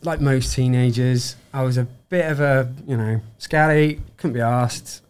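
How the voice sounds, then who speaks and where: A man's voice: medium pitch, fairly even intonation, measured pace, a little mellow, clear, resonant tone. A young adult man from England, casually telling a story and acting out the dialogue in it. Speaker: guest tradesman. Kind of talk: casual storytelling in a podcast chat.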